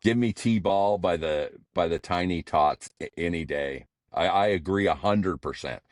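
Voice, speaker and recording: An older man with a low-pitched voice co-hosts a podcast, trading jokes in playful banter with quick laughs during casual comedic chat. The recording is dry and studio quality.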